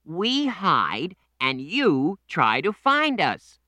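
A woman voicing a cheerful, eager young boy in a picture-book read-aloud, in a high sing-song voice. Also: huge pitch swings, extremely slow, pushed and bright, dry recording, full character voice.

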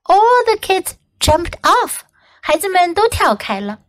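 A woman teacher reads a children's story aloud with clear, expressive diction. Her high voice rises and falls a great deal, and she takes her time. The recording is close and dry. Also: measured pace. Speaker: English teacher. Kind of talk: bilingual children's storybook reading.

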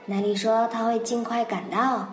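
Her voice sits fairly high, with fairly even intonation and a normal speed. A native Mandarin speaker, she tells a children's story in a bilingual lesson, patiently repeating phrases and explaining English words, recorded in a roomy space with faint background music.

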